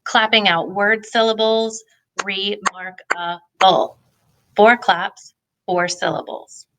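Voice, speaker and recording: A woman's voice: mid-range voice, steady tone, slow pace, background noise. A woman presenting a reading lesson for parents, explaining in a friendly way with the odd filler. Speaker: family literacy presenter. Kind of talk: instructional talk for parents.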